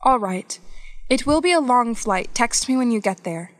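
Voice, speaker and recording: A woman reading scripted English practice dialogues for learners, slow and evenly paced. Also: on the high side, animated, background noise. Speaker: English lesson narrator.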